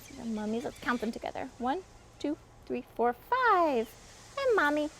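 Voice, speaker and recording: High-pitched woman librarian, expressive storytime reader who chats with the kids between pages, faint birdsong outside. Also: moderate pace, a little hiss or hum, low-quality recording. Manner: expressive reading with asides to the children. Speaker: children's librarian. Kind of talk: children's storytime read-aloud.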